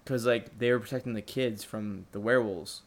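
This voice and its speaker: A man's voice: lowish voice, fairly even intonation, a little fast, a crowd in the background. A man co-hosting a podcast, chatting casually and retelling things with lots of fillers. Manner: loose, filler-heavy retelling. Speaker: podcast co-host. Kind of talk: casual chat about a video game.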